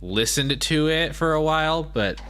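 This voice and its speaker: A man's voice: a little high, expressive, normal speed, over a noisy crowd. A man playing a game on stream, chatting casually, asking questions and stumbling over restarts. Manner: questioning, playful, stammers on restarts. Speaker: player, co-host.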